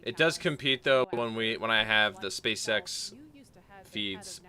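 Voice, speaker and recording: A man's voice: on the low side, measured pace, bright, forceful tone. A man hosting a live stream, chatting casually in an easygoing, upbeat way. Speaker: livestream host.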